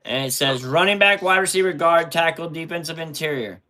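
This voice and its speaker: A man's voice: a little high, brisk, bright, forceful tone. A man hosting a casual live stream, talking through mock draft picks in an easygoing way while telling his kids what to do.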